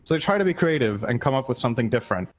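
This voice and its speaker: A man's voice: medium pitch, animated, rapid-fire. A man commentating an esports match live, breaking down plays analytically and thinking aloud. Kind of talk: casual live game commentary.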